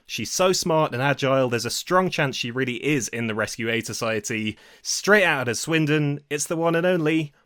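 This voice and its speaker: A man's voice: medium pitch, normal speed, hardly any pauses, bright, forceful tone, dry recording. Male podcast host, playful and teasing, close dry mic. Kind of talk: casual podcast chat.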